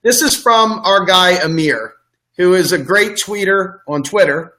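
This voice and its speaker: A man hosting a talk show, chatty and halting, presenting material on screen to his guest. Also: high voice, lively intonation, sharp tone. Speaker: show host.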